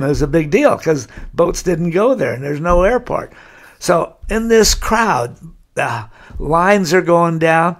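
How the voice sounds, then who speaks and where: An older man, a guest on a podcast, telling a rambling anecdote in a casual interview, full of uh fillers and restarts. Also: fairly high pitch.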